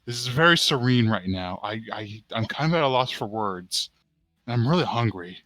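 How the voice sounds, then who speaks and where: A man's voice: lowish voice, lively intonation, normal speed, fairly bright tone, no room sound. A man playing a tabletop game, thinking aloud and announcing what his character does. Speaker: player. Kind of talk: casual chat.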